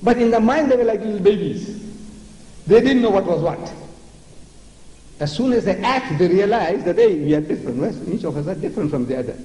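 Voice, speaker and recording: A man's voice: sits high, animated, a little fast, dark tone. An older man from South Africa with a South African accent, giving a theatrical, mocking public lecture on religion and repeating words for effect. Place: large lecture hall. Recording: echoey hall with long reverb, faint noise.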